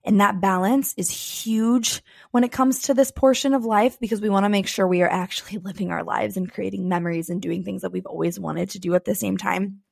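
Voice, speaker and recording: A woman's voice: mid-range voice, fairly even intonation, brisk, gravelly, few pauses, dry recording, clean studio sound. A young woman co-hosting a podcast, telling personal stories in a candid, chatty way. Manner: candid, chatty, frequent "like" fillers. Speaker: podcast co-host. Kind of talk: casual personal storytelling.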